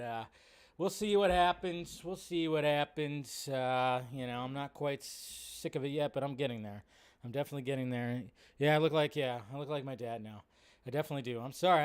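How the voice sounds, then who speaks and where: A man hosting a live film news stream, talking in a loose, rambling, casual way with lots of fillers. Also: medium pitch.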